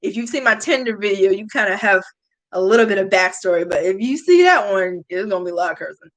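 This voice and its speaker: A young woman hosting a long livestream, chatting casually and answering viewer comments with candid, animated reactions. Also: fast, rough recording. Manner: chatty and candid, swings up high when greeting viewers. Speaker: beauty vlogger hosting a livestream.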